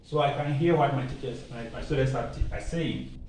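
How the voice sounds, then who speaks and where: A man from Ghana with a Ghanaian English accent, teaching an online language lesson with slow, emphatic drilling, repetition and playful asides. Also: mid-range voice, distant mic. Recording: very echoey room, voice off-mic, faint ambient noise.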